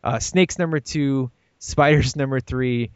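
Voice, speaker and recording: A man co-hosting a casual movie podcast, animated and laughing often as he acts out quotes. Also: medium pitch, a little slow, smooth, no echo. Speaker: podcast co-host. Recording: dry, dull lo-fi sound.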